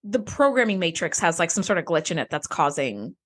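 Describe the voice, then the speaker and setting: Her voice is lowish and sing-song, and she talks briskly. As a podcast co-host in casual chat, she's chatty and laughs frequently, peppering her speech with "like."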